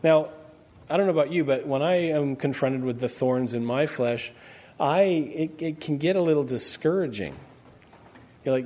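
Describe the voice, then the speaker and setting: A man's voice: fairly high pitch, lively intonation, normal speed, dark tone. A man preaching a sermon in a conversational way, quizzing his congregation with questions as he goes. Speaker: pastor.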